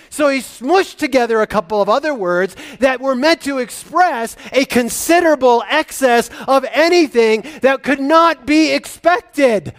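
A middle-aged man, a pastor preaching a sermon, talking with animated swings from loud excitement down to hushed, choked-up moments. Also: extremely high pitch.

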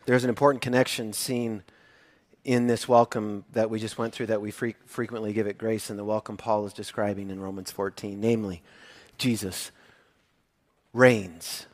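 A man's voice: fairly low pitch, flat delivery, normal speed, dry recording. A male pastor preaching a sermon in a conversational, joking and emphatic way.

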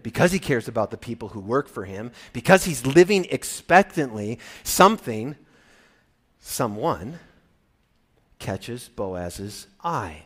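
A man preaching an expository sermon in an animated way, dropping to quiet emphasis and then rising loud again. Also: mid-range voice. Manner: animated, swings between soft and loud emphasis.

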